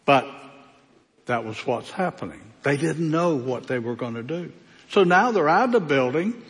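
A man preaching a sermon as pastor, speaking with slow, emphatic delivery and long pauses. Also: fairly high pitch, expressive, a bit bright, in a large hall.

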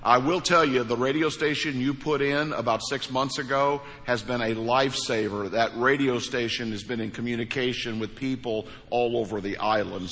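Folksy pastor in a reverberant hall. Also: male voice, mid-range voice, fairly bright tone. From Missouri, USA. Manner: folksy storytelling, emphatic repeated phrases. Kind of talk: sermon with a joke. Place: church sanctuary. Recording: large hall with long reverb.

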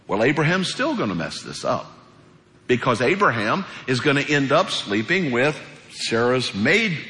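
A male pastor preaching a sermon in a church sanctuary. He speaks in a colloquial, animated way and acts out the voices he quotes. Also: mid-range voice, moderate pace. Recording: echoey hall reverb.

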